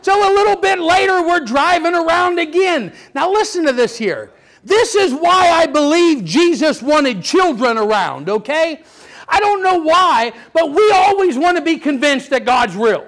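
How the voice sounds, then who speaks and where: An older man preaching a sermon, telling stories with lively energy and sudden shouts. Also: extremely high pitch, a little slow. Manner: animated storytelling, acts out children's voices, bursts into shouts. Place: church sanctuary.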